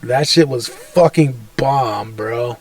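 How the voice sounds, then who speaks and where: A man's voice: medium pitch, slow pace, darkish tone, no room sound, distant mic. A young man co-hosting a podcast in casual chat, crude and rambling, laughing often. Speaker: podcast co-host.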